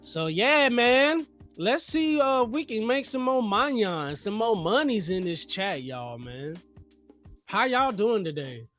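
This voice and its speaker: A man with a high voice hosts a live trading stream. He talks in loose, slangy bursts, pumping up his viewers, while faint music plays underneath. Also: slow. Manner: energetic, slangy, hypes the chat. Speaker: livestream trading host. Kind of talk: hype livestream chat.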